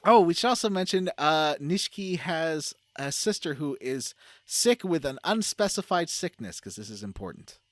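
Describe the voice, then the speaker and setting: A man's voice: fairly high pitch, lively intonation, normal speed, dry recording, studio quality. A man co-hosting a casual gaming podcast, laughing often and walking through the game's story with plenty of fillers. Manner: laughs often, explains the game plot with many fillers. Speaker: podcast co-host.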